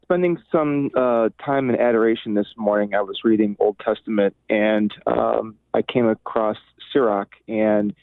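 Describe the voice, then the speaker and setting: A man's voice: fairly low pitch, normal speed, vocal fry, no echo. A man from Illinois calling in to a radio show, speaking hesitantly with fillers over the phone. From Illinois, USA. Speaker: caller. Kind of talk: call-in talk. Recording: tinny phone line.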